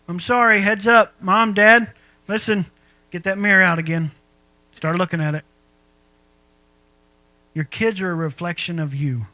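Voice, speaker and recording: A middle-aged man delivers a sermon in a high, bright voice. He preaches in a folksy, conversational way, tossing rhetorical questions at the congregation. The sound is dry and close, with no room echo. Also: measured pace, pauses often. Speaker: pastor.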